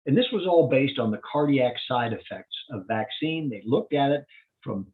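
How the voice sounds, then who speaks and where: A man's voice: medium pitch, expressive, moderate pace. A man, a physician, giving a community health update and walking plainly through slides step by step. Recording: tinny phone-like line.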